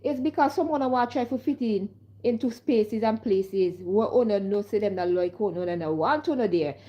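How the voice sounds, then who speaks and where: A woman's voice: medium pitch, moderate pace, dark tone. Emphatic Caribbean woman streamer, slightly muffled. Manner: emphatic, keeps asking "you understand?". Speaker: live streamer. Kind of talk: casual direct-to-camera monologue.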